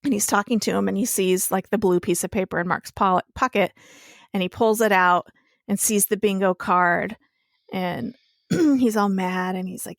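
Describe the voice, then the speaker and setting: A woman's voice: mid-range voice, moderate pace, creaky, dry recording, clean studio sound. A young woman co-hosting a podcast, retelling a TV episode in a chatty, casual way with plenty of swearing. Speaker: podcast co-host. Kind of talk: casual TV recap chat.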